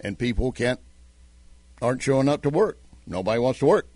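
With a medium-pitched, animated, slightly mellow voice on a dry recording, a Southern-accented radio host works through sponsor reads. His commentary is emphatic, and he slowly repeats phone numbers.

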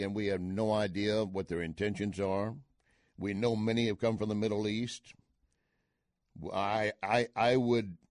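A man's voice: fairly low pitch, no room sound. An older man hosting a talk radio show, delivering an opinionated monologue with emphatic, punchy asides into a studio mic.

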